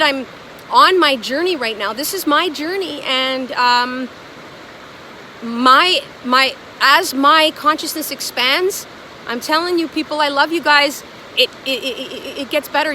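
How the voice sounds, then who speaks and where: A woman's voice: sits high, pushed and bright, a little hiss or hum. A woman talking to her viewers in a casual spiritual vlog, earnest and gushing, repeating affirmations and restarting her sentences. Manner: halting, many restarts. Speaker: spiritual vlogger channeling light language.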